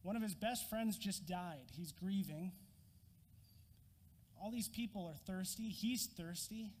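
A man preaching a sermon, an animated storyteller who acts out scenes with a prop. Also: high-pitched, slow, long reverb tail. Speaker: pastor.

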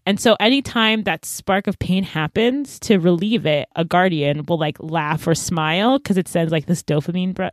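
A woman co-hosting a podcast, retelling a story in casual chat with quick asides. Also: lowish voice, no echo, studio quality. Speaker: podcast co-host recapping a novel.

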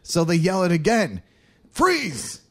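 Man, podcast co-host, casual storytelling, swears a lot, laughs often, lively pitch. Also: normal speed.

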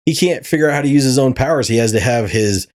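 Male podcast host, casual rant, profane, stammers and restarts, mid pitch. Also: expressive, a little fast, darkish tone. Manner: ranting, profane, repeats words often. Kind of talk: casual chat.

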